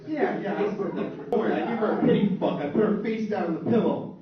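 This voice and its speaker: A man's voice: sits high, expressive, fairly quick. A young man performing a stand-up comedy set, telling crude, boastful stories and putting on voices for the people in them. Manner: crude, boastful storytelling with put-on voices for others. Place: small club stage. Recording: echoey, distant, dull lo-fi room recording.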